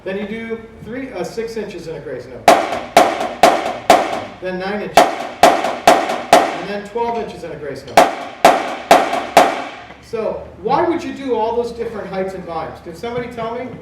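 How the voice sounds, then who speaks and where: A man in his fifties giving a live drum clinic at a convention, animated and asking the audience questions that he then answers himself. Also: sits high, a little slow, pauses often, over loud music. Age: 50s. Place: large hall at a convention. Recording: very echoey hall, from a distance, with background noise.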